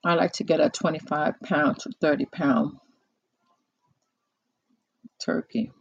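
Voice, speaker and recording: In a muffled recording with no room sound, a live call-in show host talks close to the mic in a mid-range voice with fairly even intonation. The chat is casual, slow, and reflective, full of pauses and fillers.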